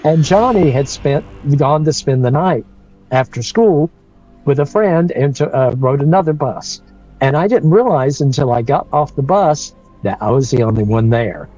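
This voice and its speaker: A man's voice: medium pitch, lively intonation, normal speed, mellow, soft background music, low-quality recording. A man, telling a story on a livestream in a rambling way, with restarts and chuckles. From North Carolina. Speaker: guest storyteller.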